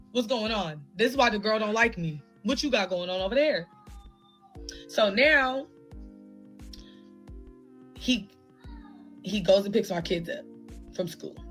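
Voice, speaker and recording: A woman tells a personal story, heated and animated, acting out both sides of a conversation. Faint music plays underneath. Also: mid-range voice, poor audio. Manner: animated, heated retelling with quoted dialogue. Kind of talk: casual storytime.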